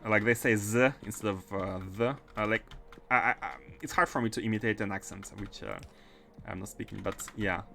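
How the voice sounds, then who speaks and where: A man's voice: fairly low pitch, steady tone, fairly quick, gravelly, pushed and bright, soft background music. Hesitant man streaming a game. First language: French. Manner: hesitant, many fillers and restarts. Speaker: gaming streamer. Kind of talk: casual livestream chat while playing.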